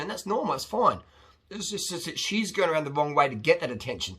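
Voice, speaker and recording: A man hosting a casual advice monologue, talking bluntly and rambling, animated as he acts out other people's voices. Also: a little high, fast, breathy edge. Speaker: host answering viewer questions.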